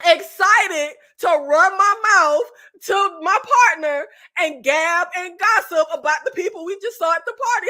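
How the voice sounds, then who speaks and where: A woman vlogger rants about a reality dating show in a very high, bright, sharp voice. She talks emphatically and profanely, repeating her points. Her commentary is casual and laugh-filled. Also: unhurried. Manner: animated, profane ranting with frequent laughs; talkative and emphatic, repeats phrases.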